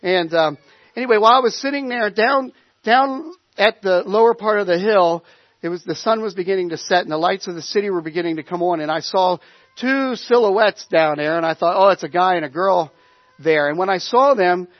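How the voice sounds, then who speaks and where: A man's voice: high-pitched, fairly quick, no room sound, lo-fi sound. A man preaching a sermon, telling a personal story in a conversational way with many restarts. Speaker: pastor.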